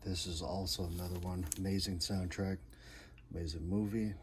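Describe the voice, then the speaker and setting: Deep-voiced man, casual show-and-tell. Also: little pitch movement, moderate pace. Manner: laid-back, repetitive, enthusiastic one-liners. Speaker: vlogger showing his record collection. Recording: noticeable background noise.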